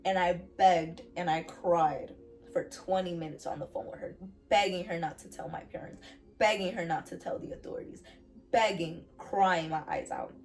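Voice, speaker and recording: A woman's voice: lowish voice, moderate pace, recorded from a distance, faint music behind. Earnest young woman giving a testimony. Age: young adult. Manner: earnest, repeats phrases for emphasis. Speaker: vlogger sharing her faith testimony. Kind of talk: candid personal testimony.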